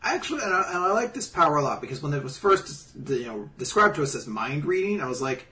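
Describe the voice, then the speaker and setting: A man with a fairly high, bright voice banters sarcastically with his co-host, cursing freely. His pitch bounces a lot, and he sits a little back from the mic. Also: big pitch swings, quick pace. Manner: joking, sarcastic banter with swearing. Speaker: podcast co-host. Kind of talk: casual chat. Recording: voice a bit distant from the mic.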